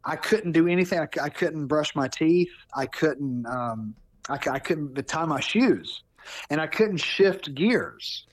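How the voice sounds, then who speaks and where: A man in his thirties telling a personal story in casual talk, animated, often restarting and repeating words. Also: fairly high pitch, measured pace, no room sound. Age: 30s. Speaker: podcast guest.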